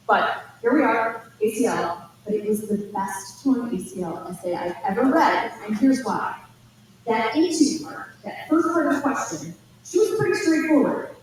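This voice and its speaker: A woman giving an informal college admissions talk, telling chatty, animated stories with lots of asides. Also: fairly high pitch. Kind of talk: informal presentation to parents and students. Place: school auditorium. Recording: echoey hall from far off, faint noise.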